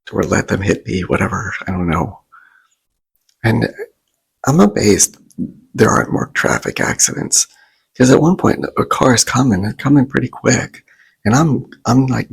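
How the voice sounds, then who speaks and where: A man telling a rambling story in a soft ASMR vlog, often stopping to restart his sentences and acting out what others said. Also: deep voice. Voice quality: raspy, breathy and gravelly. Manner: rambling, self-interrupting, animated quoting of others. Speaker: vlogger.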